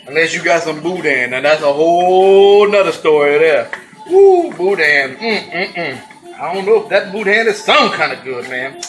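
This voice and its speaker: A man's voice: a little high, lively intonation, moderate pace, a bit bright, faint music behind, low-quality recording. A man hosting a casual cooking demonstration, exuberant and folksy with whooping exclamations. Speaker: cooking show host.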